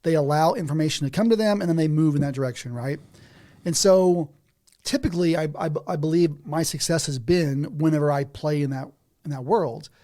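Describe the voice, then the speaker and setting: Man, fairly high voice, animated storyteller, laughs as he talks, casual podcast guest. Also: fairly quick. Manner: animated storytelling, often laughing mid-sentence. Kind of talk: casual conversation. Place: a house.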